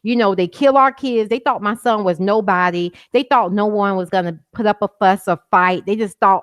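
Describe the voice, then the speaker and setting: A woman's voice: mid-range voice, moderate pace, few pauses, no echo. A middle-aged woman speaking as an interview guest, impassioned and insistent, repeating her points for emphasis and at times near tears. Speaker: guest, mother of a man killed by police. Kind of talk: interview over a call.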